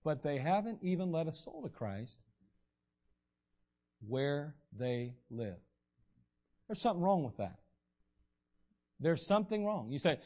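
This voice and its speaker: A man's voice: fairly high pitch, lively intonation, measured pace, long pauses, a little mellow. A man preaching a sermon in a conversational way, acting out the voices of the people he quotes. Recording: dull, lo-fi recording.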